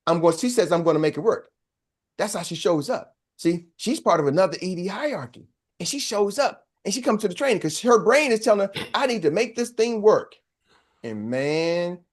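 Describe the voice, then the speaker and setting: Delivering a motivational sales training, this coach sounds like a preacher, putting questions to the room, waiting on responses and dropping into short acted voices. He speaks at normal speed in a high-pitched, animated voice.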